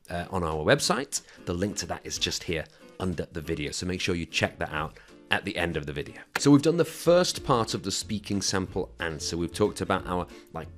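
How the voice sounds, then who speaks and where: A man teaching English exam speaking skills, explaining a sample answer in an encouraging, instructive way and checking in with his listeners. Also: low-pitched.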